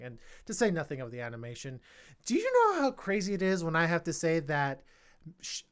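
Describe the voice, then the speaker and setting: A man hosting a casual film review podcast, eager and animated. His passion builds as he talks, and at times it spills over into loud, excited exclamations. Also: a little high. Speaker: podcast host.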